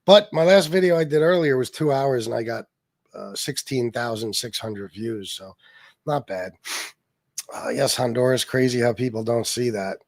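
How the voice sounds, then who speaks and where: A man's voice: medium pitch, normal speed. A man with an ordinary mid-range voice hosts a casual political livestream. He reads chat comments aloud and answers them with profane, mocking sarcasm. His voice sounds dry and close, with no room echo. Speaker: livestream host.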